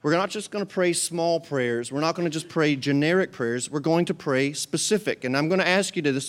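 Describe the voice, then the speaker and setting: A male pastor delivers a sermon in a fairly high voice. He talks conversationally and drives each point home by repeating it. His energy rises on the key phrases. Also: fast, hardly any pauses. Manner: emphatic, repetitive, conversational.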